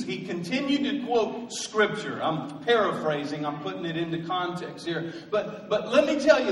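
A high-pitched man preaches to his congregation, pushing his lines hard and calling out to the room for answers. His voice rings through a large church hall with a long tail of reverb. It sounds a little distant from the mic. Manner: rising to emphatic call-and-response preaching. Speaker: pastor. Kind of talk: sermon. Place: church sanctuary.

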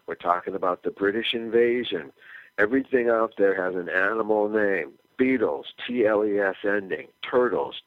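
Older male musician from California, deep voice, lively anecdotal storyteller, dry phone-line interview sound. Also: dry recording. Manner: animated anecdotal storyteller, acts out quoted dialogue. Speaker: musician guest.

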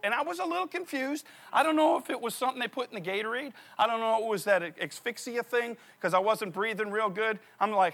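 A middle-aged man preaching a sermon, telling stories with animated repetition of key phrases. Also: sits high, fast, gravelly, few pauses. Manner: animated storytelling, repeats phrases for emphasis. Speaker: pastor.

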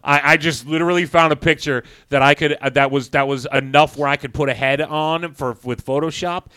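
A man's voice: fairly high pitch, steady tone, brisk, bright, forceful tone, clear, resonant tone, no room sound. A man co-hosting a comedy podcast, teasing his friends in a casual, profane way. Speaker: podcast co-host.

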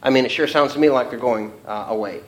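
A man's voice: medium pitch, fast, poor audio. A man teaching an informal Bible study class, reading verses aloud and talking them through with many fillers. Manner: conversational, many fillers, reads scripture aloud.

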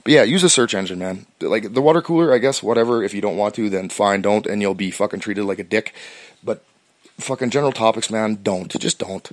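Canadian male podcast host, fast talker, profane stammering ramble, lowish dry voice. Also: no echo. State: stoned. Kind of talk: rambling casual monologue.

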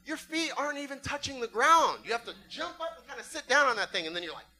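Animated, bright-voiced man preaching. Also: extremely high pitch, fast, rough recording. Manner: animated, acts out voices and sound effects. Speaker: pastor. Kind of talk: sermon with humorous storytelling.

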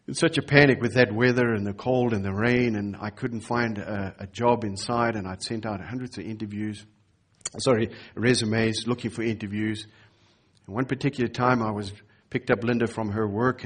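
Husky-voiced man preaching a sermon. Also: fairly low pitch. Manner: storytelling, acts out quoted voices. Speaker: pastor. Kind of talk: sermon with personal story.

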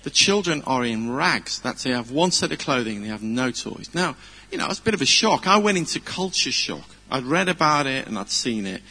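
A man's voice: mid-range voice, sing-song, fairly quick, sharp tone. A middle-aged man, giving an informal, chatty sermon full of personal stories, earnest and self-deprecating. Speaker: preacher. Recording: long hall reverb.

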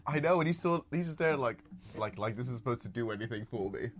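A man's voice: medium pitch, lively intonation, quick pace. A man co-hosting a casual film podcast, retelling scenes with frequent laughter and mimicked lines. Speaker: podcast co-host. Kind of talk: casual film review chat.

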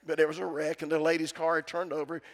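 A man's voice: fairly high pitch, little pitch movement, quick pace. A middle-aged man preaching a sermon, calling out to his congregation for responses. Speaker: pastor. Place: church sanctuary. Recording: church sound with long reverb.

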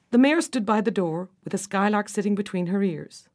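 Woman reading a fairy tale aloud, unhurried storybook voice. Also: medium pitch, expressive, a little mellow. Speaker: narrator. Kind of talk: storybook narration.

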